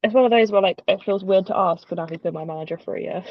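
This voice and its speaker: A woman's voice: mid-range voice, racing, no echo, highs cut off. A British woman hosting a casual livestream chat, rambling and chatty with frequent ums. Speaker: host.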